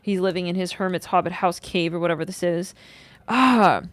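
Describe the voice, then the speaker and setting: A young woman giving a casual livestream tarot reading, talking in an animated way with lots of "like", swearing and sudden outbursts. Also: lowish voice, brisk, no echo. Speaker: tarot reader.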